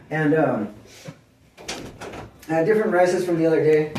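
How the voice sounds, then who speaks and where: A man talks to the camera at home in loose, rambling chat, his voice sitting a little high. He swears freely, leans on filler words and keeps clearing his throat. The sound bounces around an echoey room. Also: a little slow, a little hiss or hum. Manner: rambling, profane, full of "like" fillers. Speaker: vlogger.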